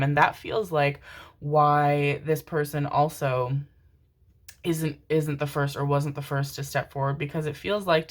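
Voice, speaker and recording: Low-voiced tender woman reading tarot. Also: gravelly. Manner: tender, calls listeners pet names; rambling, emotional, swears casually. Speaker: tarot reader. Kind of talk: casual tarot reading to viewers.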